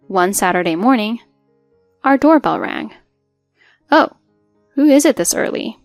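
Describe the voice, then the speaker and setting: A woman's voice: medium pitch, dry recording, studio quality. A woman in her twenties narrating a scripted first-person story in an earnest, hurt way. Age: 20s.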